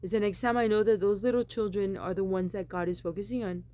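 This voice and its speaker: A woman's voice: medium pitch, fairly even intonation, quick pace, mellow. A woman giving a rambling, insistent monologue, repeating the same phrases emphatically. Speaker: vlogger.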